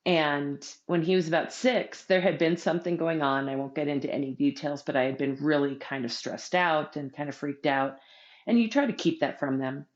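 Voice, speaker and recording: A middle-aged woman with a low voice talks earnestly and reflectively in a casual chat. Her audio sounds dull and lo-fi. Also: moderate pace. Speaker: podcast guest. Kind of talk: casual conversation.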